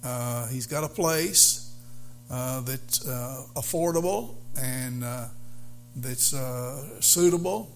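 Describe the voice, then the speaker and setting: A male pastor preaching a sermon, halting with fillers, then building to fervent emphasis. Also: mid-range voice, slight background noise.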